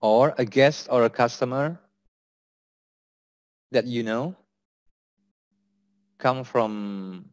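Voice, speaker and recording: A man's voice: mid-range voice, extremely slow, pauses often, no echo. A man with an Indonesian accent teaching an English lesson, patiently repeating example sentences.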